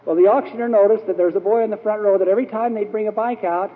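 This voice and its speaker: He is a fast talker with a high, steady-toned voice, a church speaker whose sermon is a string of rambling anecdotes laced with fillers. Expect the tinny echo of an old hall recording.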